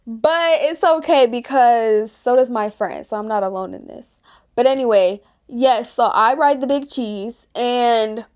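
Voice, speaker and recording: A woman's voice: on the high side, darkish tone. A 16-year-old girl vlogger chatting casually and ranting, with lots of "like". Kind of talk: casual chat.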